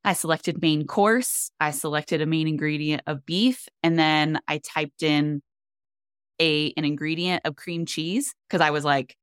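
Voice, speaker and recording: A woman's voice: low voice, measured pace, clean tone, dry recording, clean studio sound. A young woman co-hosting a food podcast, chatting in an upbeat, enthusiastic way. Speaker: podcast co-host. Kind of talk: casual chat.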